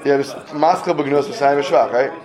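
A man's voice: medium pitch, measured pace, crowd noise. A man teaching a classroom Talmud lesson, explaining step by step and checking in with students often.

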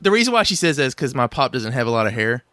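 A man hosting a casual voice-acting podcast chat, asking rambling, halting questions. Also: medium pitch, sing-song, bright, forceful tone, no room sound, clean studio sound. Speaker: podcast host.

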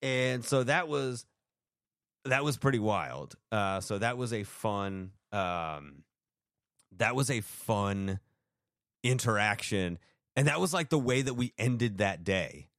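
A man's voice: on the low side, animated, slow pace, a bit bright, no room sound, studio quality. A man co-hosting a podcast, telling a story in casual chat, full of fillers and acted-out quotes. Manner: rambling storyteller, acts out quotes, many fillers. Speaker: podcast co-host.

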